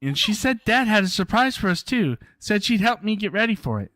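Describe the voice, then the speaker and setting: A woman's voice: mid-range voice, very animated, fairly quick, fairly bright tone, no echo. A woman voicing a young boy who wonders when his big sister will be home. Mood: wondering.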